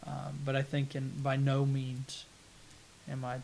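Flat-voiced Southern US man. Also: medium pitch, creaky, a little hiss or hum. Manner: unhurried, plain-spoken, halting restarts. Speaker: interviewee. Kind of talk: casual interview conversation.

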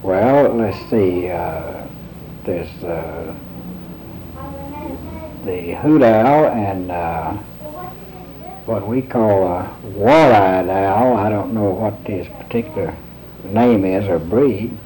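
A man, answering interview questions in a slow, plainspoken and thoughtful way. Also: low-pitched, warm tone, slight background noise, rough recording.

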